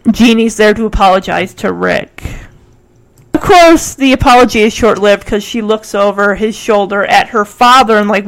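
A woman's voice: medium pitch, rough recording. A woman casually retelling a TV episode in a chatty way, leaning on "like" constantly. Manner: chatty, filler-heavy, frequent "like". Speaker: episode recapper.

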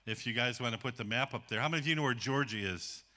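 A man's voice: mid-range voice, fast, sharp tone. A man missionary preaching in a folksy, casual way and often saying "man.". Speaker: missionary guest speaker. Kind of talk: sermon.

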